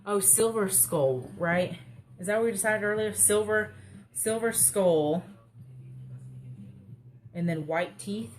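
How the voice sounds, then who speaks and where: A woman's voice: medium pitch, slow, pauses often. A young woman, rambling and joking through a casual live craft chat. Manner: rambling, chatty, self-mocking humor. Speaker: craft livestream host. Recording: faint background noise.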